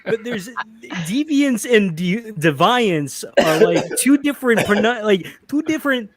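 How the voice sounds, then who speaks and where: A man's voice: very high-pitched, lively intonation, normal speed, crowd noise. A man in a casual group chat, making his points emphatically. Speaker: panelist.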